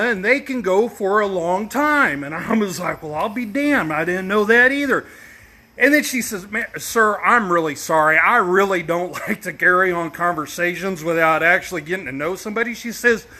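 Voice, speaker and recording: A man's voice: sits high, pushed and bright. A middle-aged man telling a long joke as a folksy, rambling personal story, full of fillers and asides.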